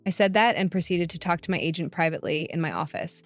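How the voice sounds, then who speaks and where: A woman's voice: fairly low pitch, quick pace. A woman reading a first-person story in a matter-of-fact narration. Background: faint background music.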